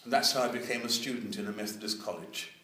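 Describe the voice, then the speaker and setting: A man's voice: on the low side, steady tone, fast, sharp tone. Older man in an echoey hall. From England. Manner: earnest, acts out dialogue in his story. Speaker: evangelist. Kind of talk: storytelling testimony. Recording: very echoey, distant mic.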